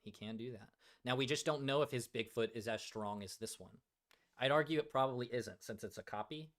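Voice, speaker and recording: Male streamer host, casual joking chat, middle pitch. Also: fairly quick, fairly bright tone. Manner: joking, reads chat aloud, many fillers. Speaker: livestream host.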